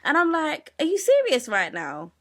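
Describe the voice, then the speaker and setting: A young woman, co-hosting a podcast and telling a story in a casual, animated way, acting out the people in it. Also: high-pitched, normal speed. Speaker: podcast co-host.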